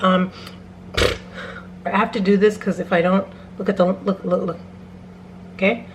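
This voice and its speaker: A woman's voice: mid-range voice, fairly even intonation, measured pace, long pauses, a little hiss or hum. A woman chatting and joking with viewers while she cooks in her home kitchen, casual vlog style. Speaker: home cook vlogger.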